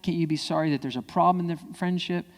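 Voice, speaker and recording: A man giving a lively keynote speech to parents, acting out quoted kids and parents in high voices. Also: fast talker, faint music behind. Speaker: keynote speaker. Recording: hall reverb.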